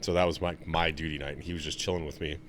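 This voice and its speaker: A young man in casual podcast chat, telling stories with lots of swearing and getting loud when he's excited. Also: very fast, a little hiss or hum. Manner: animated, swears a lot, gets loud and high when excited. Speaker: podcast co-host.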